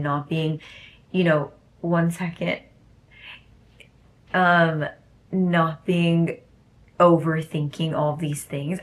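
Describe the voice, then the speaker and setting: A young woman talking casually and effusively to camera about self-belief, rambling and repeating herself for emphasis. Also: sits low. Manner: gushing, rambling, emphatic repetition. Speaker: self-development course creator. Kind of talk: casual motivational vlog.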